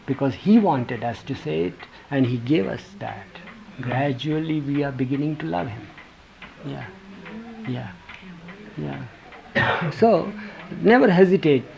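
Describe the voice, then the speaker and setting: A man's voice: on the high side, gravelly, warm tone. A man giving an informal talk to a group, telling stories, quoting his teacher and putting questions to the listeners. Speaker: speaker recounting a spiritual teacher's words. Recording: dull lo-fi tape with faint hiss.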